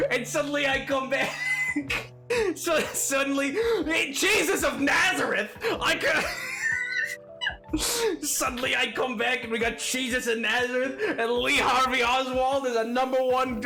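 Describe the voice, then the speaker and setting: A young man streaming, bantering with his chat in an excitable way, stammering over repeated words and breaking into laughter often. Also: extremely high pitch, measured pace, over music.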